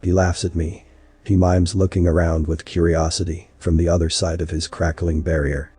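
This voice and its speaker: A man narrating a first-person story in a measured, steady way. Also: low-pitched, husky, soft background music.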